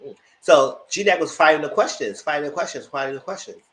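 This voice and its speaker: A man giving blunt, profane live commentary on reality TV episodes, acting out cast members' lines in high voices. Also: lively intonation, a little fast, fairly bright tone, roomy sound, poor audio. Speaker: reality TV reviewer. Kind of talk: live casual recap commentary.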